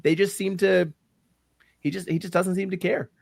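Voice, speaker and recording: A man's voice: high-pitched, steady tone, normal speed, gravelly, darkish tone, no room sound, clean studio sound. A man co-hosting a podcast, chatting casually about football. He is opinionated and sometimes searches for words. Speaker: podcast co-host. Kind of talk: casual sports chat.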